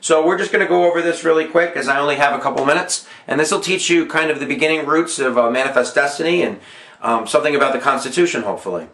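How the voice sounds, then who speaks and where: A man's voice: on the high side, quick pace, a bit bright. Jokey male history teacher, echoey room. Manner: jokey, self-mocking, emphatic. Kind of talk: casual exam-review lesson.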